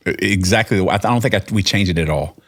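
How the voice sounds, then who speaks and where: Texan guy on a podcast, real low voice, rambles and acts out what people said. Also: quick pace. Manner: rambling, with many restarts and quoted dialogue. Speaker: podcast guest, singer-songwriter. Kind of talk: casual storytelling.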